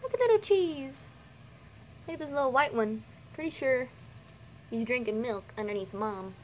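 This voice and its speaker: A woman's voice: animated, moderate pace, dull audio, slight background noise. A young woman vlogging at home by a bunny cage. She talks casually to her viewers and coos and scolds the pets in a sing-song voice, with the camera resting on her knees. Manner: chatty, coos and scolds pet bunnies in a high sing-song voice. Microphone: handheld camera set on her knees.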